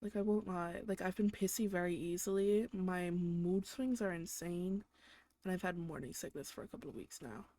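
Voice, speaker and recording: A woman's voice: lowish voice, normal speed, mellow, no echo. Young woman ranting, dry close mic. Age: young adult. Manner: exaggerated, swears constantly, vents about her boyfriend. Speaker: podcast host. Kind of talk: ranting solo podcast.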